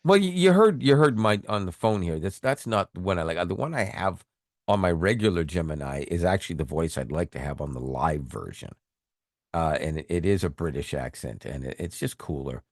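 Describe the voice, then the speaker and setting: A man co-hosting a tech podcast in casual chat, animated, often laughing and repeating words. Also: low-pitched, fairly quick, dry recording, studio quality. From Canada. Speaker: podcast co-host.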